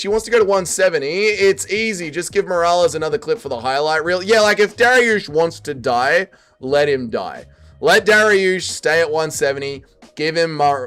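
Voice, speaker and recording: A young man casually chatting on a livestream and reading viewer comments aloud, jumping between loud quips and low mutters. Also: clear, resonant tone. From Australia. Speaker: streamer reading chat.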